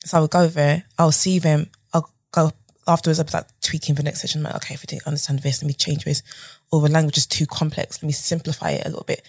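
A young woman from the UK recounts her career as an animated storyteller, slipping into other people's voices. Her voice sits a little low with a husky edge, recorded dry and close. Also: quick pace, dry recording. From United Kingdom. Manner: animated storyteller, acts out quotes with big pitch jumps and whispers. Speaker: podcast guest. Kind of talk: casual storytelling interview.

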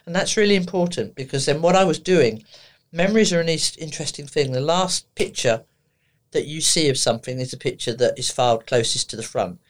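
A woman therapist, telling lively stories on a podcast, laughing and acting out the conversations she recounts. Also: sits low, a little fast. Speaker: therapist guest. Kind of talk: anecdotal storytelling on a podcast.

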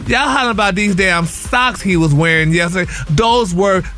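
A man's voice: high voice, normal speed, pushed and bright, faint music behind. A man on a radio morning show delivering celebrity gossip in a sassy, sing-song way. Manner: sassy, sing-song, peppers talk with "honey" and "y'all".

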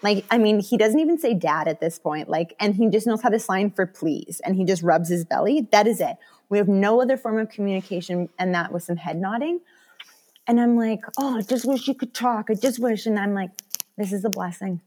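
A woman's voice: mid-range voice, brisk. A woman talking as a podcast guest, telling candid stories and acting out the voices of the people in them. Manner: animated storyteller who acts out quoted voices. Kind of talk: candid conversational interview.

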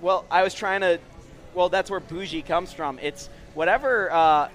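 Young guy cohosting a sports pod, kinda high voice, super fast on the ad reads, jokey. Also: fairly bright tone. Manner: joking, talks very fast on reads. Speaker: podcast co-host. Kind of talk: casual chat, rapid ad read.

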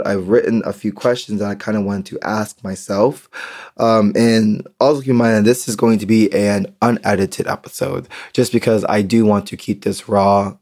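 An American young man speaking candidly in an unedited solo podcast monologue, halting with ums and restarts. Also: lowish voice, a little mellow. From United States. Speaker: podcast host.

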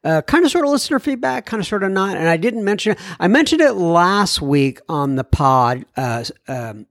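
A man's voice: high voice, animated, moderate pace, no room sound, studio quality. A man hosting a recovery podcast, casually reading listener mail aloud with rambling asides, fillers and little self-deprecating jokes. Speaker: podcast host.

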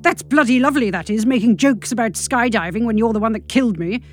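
A woman voicing the petty ghost of a grumpy ex-husband, speaking low, grim and sardonic. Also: fast, faint music behind.

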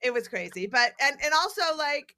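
Here a middle-aged talk show host trades casual comedic chat, telling profane, irreverent stories with a wry edge. She speaks at a normal speed in a high-pitched, very animated voice with a sharp tone.

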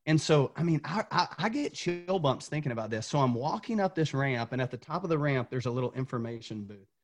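A man's voice: mid-range voice, expressive, a little fast. A man from Tennessee, a former coach, telling an earnest motivational story as a podcast guest, repeating words when fired up.

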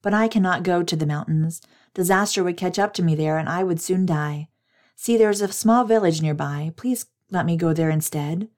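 A woman voicing an anxious man who begs urgently, in her lowish reading voice. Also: moderate pace, darkish tone, close to an everyday voice. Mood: begging. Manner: urgent, begging. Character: anxious man begging for protection.

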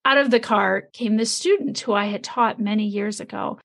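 A middle-aged woman co-hosting a podcast, telling a story and acting out her own thoughts in a lively way. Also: high voice, fairly quick, hardly any pauses. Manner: animated storyteller, acts out her own inner voice. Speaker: podcast co-host. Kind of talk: storytelling to a co-host.

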